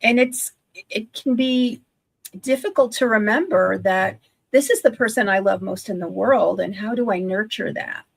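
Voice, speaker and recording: An older woman in her sixties talks in a gravelly voice with a husky edge. She chats eagerly on a video call, piling up restarts and asides as she goes. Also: mid-range voice, moderate pace. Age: 60s. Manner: chatty, self-correcting, enthusiastic. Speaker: guest, online business owner. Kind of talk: casual livestream chat.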